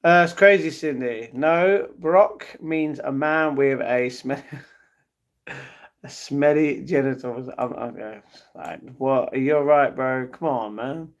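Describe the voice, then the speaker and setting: A man's voice: mid-range voice, takes it slowly. A man chatting casually on his live stream, answering viewers' messages and talking to his pets between replies.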